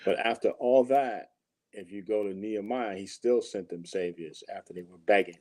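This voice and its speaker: A man with a somewhat low voice takes part in a relaxed scripture discussion. He speaks in a measured, deliberate way, working through his answer step by step and pausing with ums. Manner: measured and thoughtful, with frequent ums. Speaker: podcast co-host in a scripture discussion.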